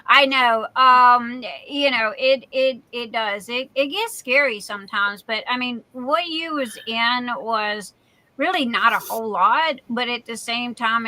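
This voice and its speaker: A high, bright-toned woman hosts a relaxed live stream and takes her time, with fillers trailing between her words. Her sound is close and dry. She greets her viewers by name in a chatty, folksy way, full of playful catchphrases. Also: dry recording. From Louisiana, USA. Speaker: livestream host.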